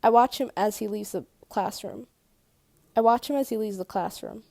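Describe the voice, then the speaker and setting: A woman's voice: medium pitch, normal speed, creaky, warm tone, no room sound. A woman reading a first-person novel aloud in a casual way, correcting her slips and swearing at them. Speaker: audiobook reader.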